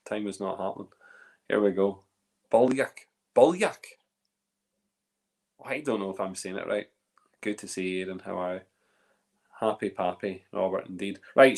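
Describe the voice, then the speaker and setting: A man hosting a casual livestream chat, excitable and chatty, tripping over names. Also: on the low side, creaky. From Northern Ireland. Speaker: host.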